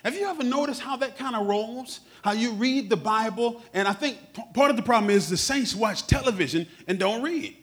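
A man preaching a sermon, humorous and animated, acting out quotes as he teaches. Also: very high-pitched, brisk, few pauses.

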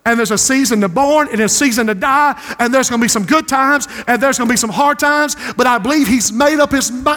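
A man preaches from the pulpit in a church sanctuary. His voice sits very high and climbs into shouted peaks, then drops into playful humorous asides. A long reverb hangs behind every phrase. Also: a little fast, few pauses, some chatter behind. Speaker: pastor. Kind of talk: sermon.

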